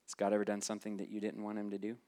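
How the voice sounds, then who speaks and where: A man's voice: lowish voice, completely flat delivery, rapid-fire, warm tone. A male preacher giving a sermon in a conversational way, often putting questions straight to the listeners.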